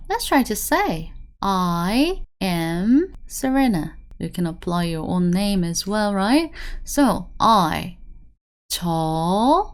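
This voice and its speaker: A young woman teaching an online language lesson, drilling words by repetition and checking in with "right?" as she explains. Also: mid-range voice. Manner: animated, drills words by repeating them, asks "right?" often.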